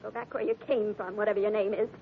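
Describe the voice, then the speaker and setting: A woman's voice: medium pitch, little pitch movement, quick pace, husky. An actress playing a headstrong, spoiled young woman in a 1940s radio drama, snapping and scornful. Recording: tinny old radio broadcast.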